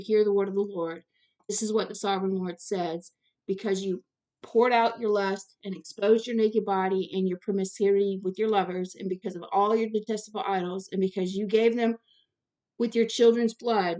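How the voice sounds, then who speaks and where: A woman's voice: mid-range voice, fairly even intonation, moderate pace, dark tone. Earnest woman reading scripture aloud. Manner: earnest, direct, stumbles over long words. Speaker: Bible teacher.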